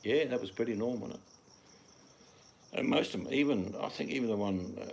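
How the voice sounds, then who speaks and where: A man's voice: mid-range voice, a little fast, vocal fry, a little hiss or hum. An older man with an Australian accent, hosting a casual live chat from home and reading out comments, talking in a blunt, rambling way with the odd swear. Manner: blunt, chatty, swears offhandedly. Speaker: livestream host reading chat. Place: at home in the evening.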